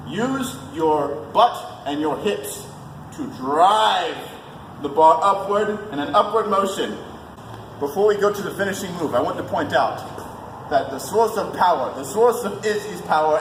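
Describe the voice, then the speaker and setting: A man playing a self-important male thunder god, explaining a lift in a deadpan, mock-grand way. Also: fairly high pitch, close to an everyday voice. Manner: deadpan mock-grand, plain unaccented delivery. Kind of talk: comedic fitness demonstration. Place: gym. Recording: echoey gym hall with noise.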